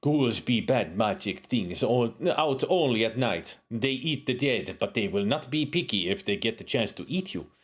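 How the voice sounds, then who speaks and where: A man with a mid-range voice reads game dialogue aloud in character, playing a proud warrior woman who fights with a spear. He delivers a warning animatedly at normal speed with hardly any pauses, lightly acted, in broken English and a put-on accent that wanders.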